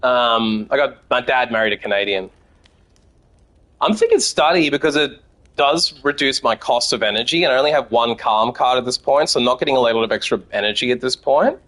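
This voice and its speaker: Expressive and brisk, with a medium-pitched, slightly bright voice, the Australian man plays a card game on stream. He chats with his audience and swears freely throughout the casual gameplay talk.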